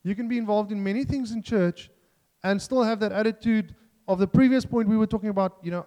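High-voiced guy preaching, earnest and jokey, big echoey church hall. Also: fairly quick, dark tone. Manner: earnest, self-deprecating, with restarts and jokes. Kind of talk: sermon.

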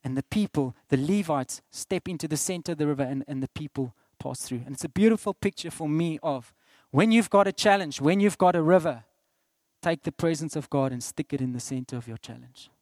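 A middle-aged South African man delivers a sermon in a slightly high voice. He swings between loud, emphatic declarations and hushed asides. The sound is dry, with little room echo. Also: fairly quick. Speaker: pastor.

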